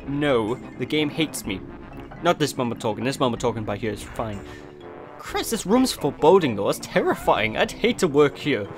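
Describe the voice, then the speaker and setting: A man's voice: fairly high pitch, big pitch swings, brisk, faint music behind. A young Welsh man giving rambling, jokey, self-deprecating commentary over a video game. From Wales. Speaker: let's play host. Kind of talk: gameplay commentary.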